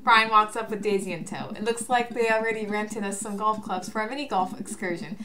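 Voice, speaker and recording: A woman's voice: mid-range voice, fairly quick, music in the background. A young woman reading a dating-sim game aloud with a friend, taking the dad's lines with gusto. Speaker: co-player.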